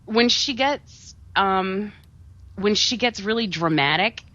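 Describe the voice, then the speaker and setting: Female podcast co-host, bright and pushy delivery, lo-fi dry recording. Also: medium pitch, slow pace, no echo. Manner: animated, laughs often, trails off into restarts. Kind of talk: casual movie review chat. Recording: dull lo-fi podcast audio.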